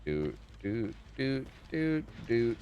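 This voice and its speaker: A man's voice: medium pitch, big pitch swings, drawn-out words, a little mellow, highs cut off, slight background noise. A man streaming a game live, giving casual commentary, swearing often and chatting with his viewers. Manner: laid-back, swears often, chats with viewers.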